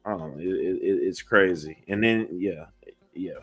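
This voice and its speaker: A man's voice: low voice, normal speed, husky, soft background music. A man hosting a casual livestream interview, upbeat and reading out viewer messages and donations. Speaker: livestream host.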